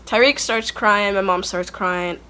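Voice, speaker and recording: Young woman vlogger, mid pitch, rambly and blunt, storytime chat at home. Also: unhurried, bright, forceful tone, smooth. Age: young adult. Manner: chatty, filler-heavy, candid and blunt. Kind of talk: casual storytime. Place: at home, kids nearby.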